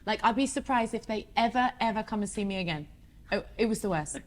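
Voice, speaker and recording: A woman in her thirties, a singer being interviewed, chatting casually and telling animated stories with frequent laughs. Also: medium pitch, quick pace, slight background noise. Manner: chatty, animated storyteller who laughs often. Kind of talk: casual chat.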